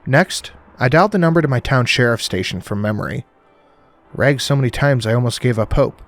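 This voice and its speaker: A man's voice: mid-range voice, expressive, a little fast, faint music behind. A man narrating a horror audiobook in a dramatic, conversational first-person voice.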